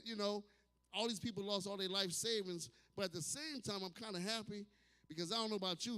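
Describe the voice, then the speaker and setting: A smooth, high male voice carries this stand-up comedy set, delivered by a brash, profane New Orleans man in his fifties. He's loud, with sudden shouts and acted asides, playing to a live audience in a distillery bar, and the recording has hall reverb from a club room.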